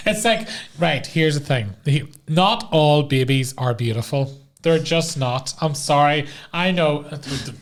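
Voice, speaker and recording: A man hosting a podcast in a casual, jokey, lively chat, quick to laugh. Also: a little high. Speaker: podcast host.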